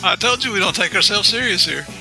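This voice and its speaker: A man's voice: high voice, lively intonation, fast, pushed and bright, soft background music. A man with a West Virginian accent co-hosting a podcast as a former agent, chatting casually and laughing easily.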